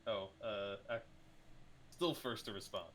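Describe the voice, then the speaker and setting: A man's voice: on the low side, unhurried, fairly bright tone, slight background noise, poor audio. Man running a tabletop game. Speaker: game master.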